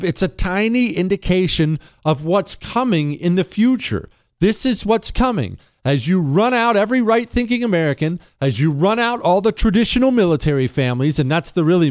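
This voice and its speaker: A talk radio host, a man, rants with a lively, swinging delivery and keeps firing rhetorical questions. His voice sits a little high, and the studio sound is dry and close. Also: no echo. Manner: animated, mocking, rhetorical questions.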